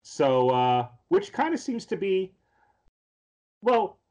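A man's voice: high-pitched, sing-song, takes it slowly, a little mellow. A man co-hosting a casual podcast, rambling as he retells anime and manga scenes, full of fillers and acted-out lines. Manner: rambling storyteller, acts out character lines with many fillers. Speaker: podcast co-host.

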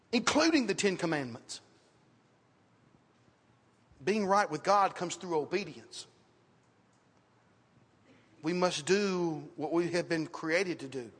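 Male preacher, high-pitched and lively, telling church stories, heard in a reverberant sanctuary. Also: husky. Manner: animated storytelling with scripture quotes. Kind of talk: sermon. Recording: reverberant hall.

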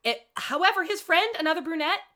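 A woman's voice: very high-pitched, fairly quick. A woman co-hosting a podcast, recapping a TV show in casual chat with lots of asides. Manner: chatty, animated, with frequent asides. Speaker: podcast co-host.

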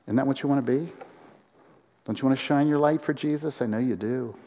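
A man preaching a sermon to a congregation, animated, with acted-out quotes and rising emphasis. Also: mid-range voice, a little fast, long reverb tail. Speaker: pastor.

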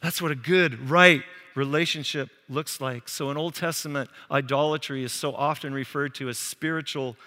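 A man preaching a sermon as pastor, animated and acting out quoted voices. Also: on the high side, moderate pace, hardly any pauses. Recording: long hall reverb.

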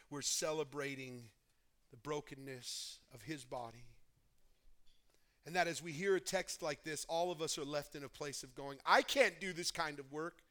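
A male pastor delivers a sermon with a bright, forceful edge to his voice. He leans on repetition and rhetorical questions, pressing each point home as he leads the church toward communion. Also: medium pitch. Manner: emphatic, repeats phrases and asks rhetorical questions.

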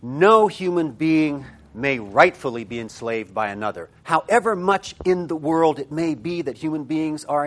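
A man's voice: mid-range voice, fairly bright tone. A man lecturing a class of teachers, thinking aloud with many fillers and restarts and landing key terms with punchy stress. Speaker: seminar lecturer.

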